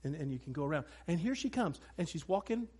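A man preaches from a church stage, his voice on the high side, slightly rough, and fast. The pastor is an animated, humorous storyteller, sharing amusing family anecdotes and speaking right to the congregation.

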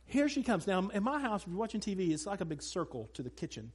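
A man's voice: high-pitched, fast talker, husky. A man preaching a sermon to a congregation from a church stage. He tells funny family stories and talks directly to the crowd. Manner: animated, humorous storyteller who talks to the congregation. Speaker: pastor.

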